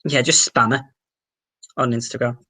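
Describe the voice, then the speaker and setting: A young man with an English accent, hosting a casual livestream and chatting excitably as he answers viewer comments, swearing now and then. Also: medium pitch, normal speed, breathy edge. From England. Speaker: livestream host.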